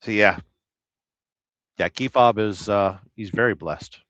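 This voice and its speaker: He's a middle-aged SoCal truck driver, fairly low-pitched and a bit bright, talking slowly with no echo. Rambling crudely through viewer comments on his casual live stream, he hums nonsense syllables between them, and the lo-fi audio sounds slightly dull.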